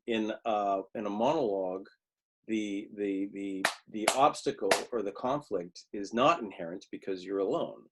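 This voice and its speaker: Husky low-voiced man teaching acting. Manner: conversational, restarts often, acts out quoted lines. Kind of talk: webinar teaching talk. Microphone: video call.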